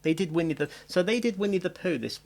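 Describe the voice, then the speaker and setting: Man, gravelly voice, relaxed guest. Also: high-pitched, quick pace. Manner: relaxed, hesitant with ums. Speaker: guest, prosthetics artist. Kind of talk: casual chat.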